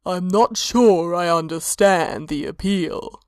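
A woman voicing a curious, slow-speaking tentacled male god with a dry manner. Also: lowish voice, darkish tone, dry recording.

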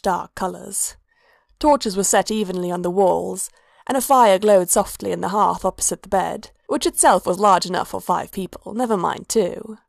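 A woman narrating a story aloud in a steady, low-key reading. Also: creaky, no echo, clean studio sound. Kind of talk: storybook fan-fiction reading.

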